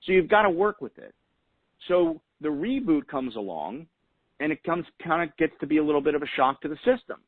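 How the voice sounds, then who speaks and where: A man's voice: a little high, expressive, brisk, dry recording, low-quality recording. A man hosting a weekly call, giving motivational coaching in an earnest way and repeating key phrases for emphasis. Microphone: phone call.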